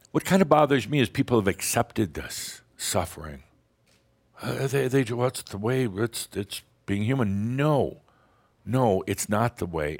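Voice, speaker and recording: A man giving a rambling, playful spiritual talk to a live group, often chuckling and restarting his sentences. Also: fairly low pitch. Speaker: spiritual teacher addressing an audience.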